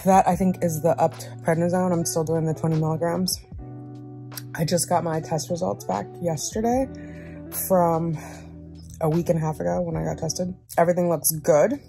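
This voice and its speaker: A woman's voice: on the low side, steady tone, normal speed, gravelly, mellow, soft background music. A woman in her thirties chatting casually in a vlog, talking herself through her breakfast and her groceries. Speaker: vlogger.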